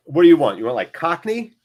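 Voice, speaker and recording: A man hosting a live football watchalong, commentating and joking excitably and swearing freely. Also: a little high. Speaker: watchalong host. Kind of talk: live match commentary and chat.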